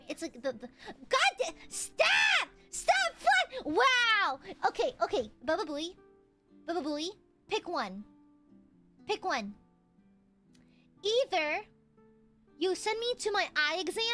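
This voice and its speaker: A woman streamer chatting casually with her audience, excitable and profane, often shouting and laughing. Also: extremely high pitch. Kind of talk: casual live-stream chat.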